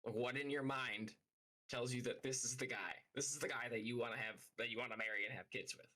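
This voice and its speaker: A man vents on a live stream in a bright, sharp voice. He tells his story as a profane rant full of filler words, with a middling pitch. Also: fairly even intonation, fairly quick, low-quality recording. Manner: heated, profane venting with many fillers. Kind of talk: casual livestream rant.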